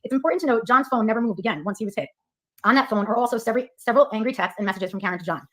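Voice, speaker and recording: A woman's voice: on the high side, very fast, fairly bright tone. A woman reading scripted commentary in a firm, argumentative way, posing rhetorical questions.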